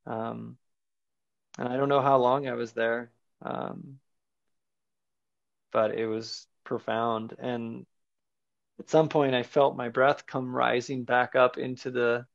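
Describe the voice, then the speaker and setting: Guy on a podcast telling his story, earnest and rambly, dry muffled sound, kinda monotone. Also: mid-range voice, slow pace, vocal fry, long pauses, dry recording. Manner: earnest, searching, loose with fillers. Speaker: podcast guest. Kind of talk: personal storytelling in an interview. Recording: dull lo-fi sound.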